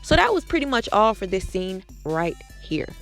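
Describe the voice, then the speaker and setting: A woman's voice: medium pitch, sing-song, moderate pace, soft background music. A woman hosting a casual, gossipy recap of a TV episode, with sassy asides. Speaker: recap podcast host.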